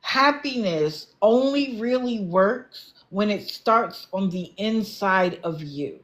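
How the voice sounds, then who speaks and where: A woman's voice: medium pitch, animated, slow. A woman doing casual livestream commentary, blunt and lecturing, with an exasperated edge. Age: adult, not young.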